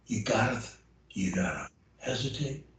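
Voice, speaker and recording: A man's voice: medium pitch, animated, unhurried, background noise. A man coaching a client over a video call, emphatic and encouraging, repeating phrases for emphasis. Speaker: stuttering coach. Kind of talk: one-on-one coaching session. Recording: very echoey room, heard from a distance.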